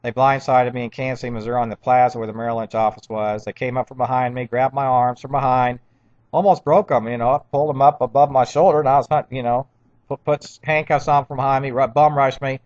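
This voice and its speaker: A man's voice: medium pitch, steady tone, quick pace, a little mellow, no echo. Man in his 50s, agitated rambling monologue, stammered restarts, dry muffled home recording.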